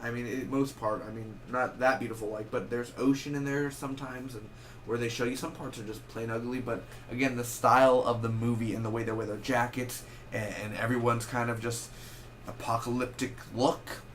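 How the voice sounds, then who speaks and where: Slight background noise sits under this medium-pitched male voice. It's a young guy chatting through a movie review, wandering off track, fixing his own words, and throwing in lively little asides.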